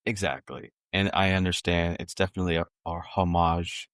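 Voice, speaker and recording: A man's voice: low voice, flat delivery, moderate pace, fairly bright tone, no echo, clean studio sound. A man co-hosting a casual film podcast, swearing freely, using slang and trailing off into fillers. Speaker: podcast co-host.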